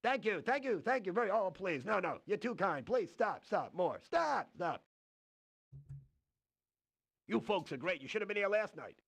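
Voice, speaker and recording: Cheesy game stand-up comic: high, bouncy, gravelly, rapid-fire hammy delivery, dry close mic. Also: male voice, sing-song, no room sound, exaggerated voice. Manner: brash, hammy joke delivery. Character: cheesy stand-up comedian man, brash and corny. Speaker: game's recorded comedian. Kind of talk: 1990s CD-ROM stand-up comedy routine.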